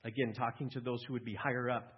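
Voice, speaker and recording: Male pastor, husky voice, conversational sermon style, dull lo-fi recording. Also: medium pitch, flat delivery, fast. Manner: conversational, asks listeners questions, small restarts.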